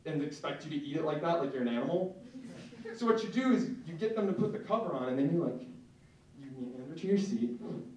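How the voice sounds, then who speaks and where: Young male stand-up, higher voice, self-mocking deadpan, recorded from across a reverberant room. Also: lo-fi sound. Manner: self-mocking, deadpan asides with many "like" fillers. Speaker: stand-up comedian. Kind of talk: stand-up comedy set. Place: comedy club stage. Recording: echoey room from far off, faint noise.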